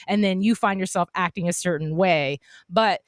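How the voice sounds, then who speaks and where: A woman's voice: fairly low pitch, normal speed, no echo, clean studio sound. A woman hosting a podcast, telling stories in casual chat and acting out the voices of people she quotes. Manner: storytelling, acts out quoted voices. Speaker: podcast host.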